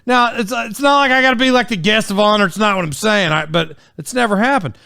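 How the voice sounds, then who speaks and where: A man's voice: sits high, fast talker, vocal fry, pushed and bright, clean tone, no room sound, clean studio sound. A man in his forties telling stories on his solo podcast in a casual, rambling way, full of fillers and restarts. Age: 40s. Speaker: podcast host.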